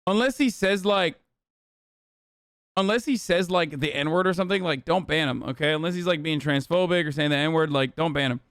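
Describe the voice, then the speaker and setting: A man's voice: a little high, moderate pace, clear, resonant tone, dry recording, clean studio sound. A man streaming live, reading and reacting to his chat in casual, profane, sarcastic commentary. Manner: animated, sarcastic, swears often.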